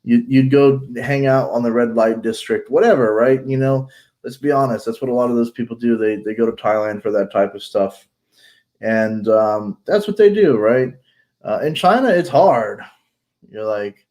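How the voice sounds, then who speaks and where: A man's voice: mid-range voice, normal speed, darkish tone. A man chatting casually as a vlogger, talking bluntly and rambling with lots of fillers and restarts, congested from allergies. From United States. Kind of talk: casual chat.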